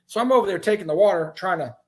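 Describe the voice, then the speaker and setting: A man telling his own story as an interview guest, animated and profane, with many restarts. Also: high voice, rapid-fire.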